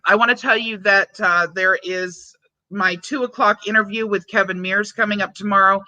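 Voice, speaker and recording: A woman hosting a casual livestream into a desk mic, talking to her viewers in a chatty, loose way. Her voice is bright and forward, with a medium pitch and a dry, close sound. She slips into giggles often and fills gaps with ums and restarts. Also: no room sound, highs cut off. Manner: giggly, breaks into frequent laughter. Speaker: livestream host reading viewer chat.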